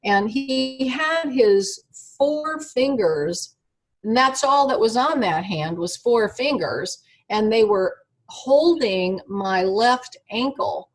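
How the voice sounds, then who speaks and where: A woman with a fairly high voice tells her story to an interviewer over an internet call. Her speech is animated and halting, full of fillers, restarts and stops to collect her thoughts. It sounds like a video-call connection. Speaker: interview guest.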